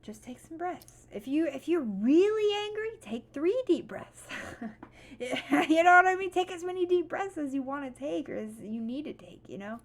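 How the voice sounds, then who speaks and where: A young woman with a high voice speaks straight to her viewers in a motivational vlog. She is blunt and profane, and she moves between calm advice and loud, heated venting. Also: moderate pace. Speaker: vlogger. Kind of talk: motivational talk to camera.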